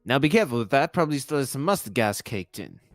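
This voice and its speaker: A man's voice: mid-range voice, sing-song, fast, dry recording, faint music behind. Brigadier Smith, a man playing a posh old English soldier. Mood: jolly. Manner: posh, blustering, jolly. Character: pompous old English army brigadier, dotty. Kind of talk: game dialogue read aloud.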